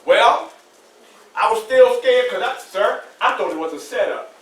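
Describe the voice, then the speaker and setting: In his sixties, this man speaks at an extremely high pitch with lively intonation, a little slowly, in a fairly bright tone over slight background noise. He's a guest speaker in a school classroom, telling students a personal story in vivid, repetitive phrasing and putting questions to the room. The distant mic picks up the room's echo.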